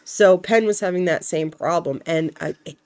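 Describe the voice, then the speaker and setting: Young woman streamer just rambling on, kinda low voice, does little voices for people in her story. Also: normal speed, a crowd in the background. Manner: rambling, animated storytelling with acted-out quotes. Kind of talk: casual stream chat.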